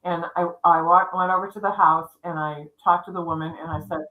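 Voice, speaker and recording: Over phone-quality sound, a lowish, fairly even female voice moves at a brisk pace. She's a middle-aged psychic who co-hosts a livestream, and she casually tells an eerie story from her own life, wandering, restarting, and voicing other people's lines.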